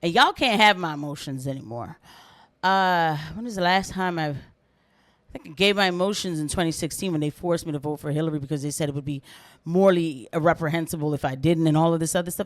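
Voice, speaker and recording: A woman hosting a reaction commentary vlog, animated and rambling as she talks straight to her viewers. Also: low-pitched, brisk. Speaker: commentary vlogger.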